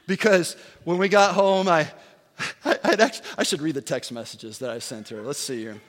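A man in his forties, a pastor giving a sermon as an animated, joking storyteller. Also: a little high, normal speed. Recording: long hall reverb.

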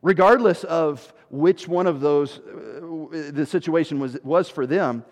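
A male pastor preaching a sermon with emphasis, dropping low and slow for scripture and rising loud to stress a point. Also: long reverb tail.

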